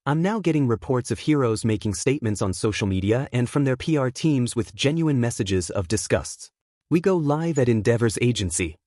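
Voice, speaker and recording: An indignant female news anchor reporting live, as a male narrator reads her. The reading keeps a middle pitch and a dry, close sound. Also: lively intonation, normal speed, a little mellow, dry recording, close to an everyday voice.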